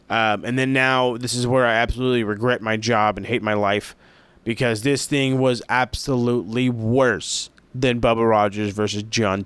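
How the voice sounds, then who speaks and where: A man's voice: medium pitch, clear, resonant tone, dry recording. A man casually recapping an old wrestling show in a profane, sarcastic way, with plenty of swearing and asides. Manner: profane, sarcastic, animated storytelling. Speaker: wrestling review host.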